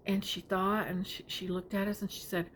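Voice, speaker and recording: Soft-spoken woman telling a tender story. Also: medium pitch, flat delivery, normal speed, a little hiss or hum. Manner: tender, often drops to a whisper. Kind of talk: personal storytelling.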